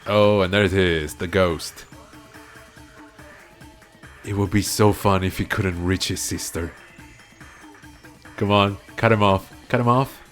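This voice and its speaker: A man's voice: sits low, steady tone, takes it slowly, long pauses, soft background music. A man casually commenting on a video game as he plays, joking and laughing often. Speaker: let's play host.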